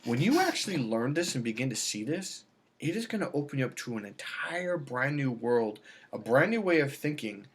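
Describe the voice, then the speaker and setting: A man's voice: medium pitch, very animated, moderate pace, breathy edge. A man who works as a dating coach, talking casually in a rambling, salesy way with frequent restarts. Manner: rambling, salesy, repeats himself. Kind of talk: casual self-filmed vlog.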